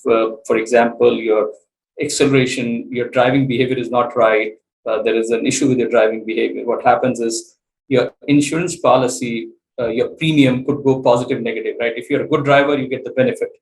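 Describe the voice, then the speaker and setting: A man, a startup CEO, explaining his business in an interview, halting with many fillers and restarts. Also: medium pitch, fairly even intonation, slight background noise, low-quality recording. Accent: Indian English.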